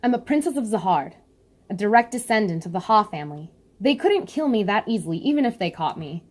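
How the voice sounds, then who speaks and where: A woman voicing a proud, determined young princess while reading a comic aloud, earnest and a little higher than her usual voice. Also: sing-song, a little fast. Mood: defiant.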